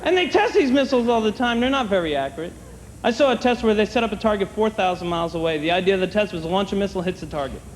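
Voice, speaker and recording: A man doing a stand-up comedy set on a comedy club stage, wry and conversational, slipping into quick voices for his bits. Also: sits high, animated. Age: older than 30. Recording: long hall reverb, clear room noise, 1990 TV taping.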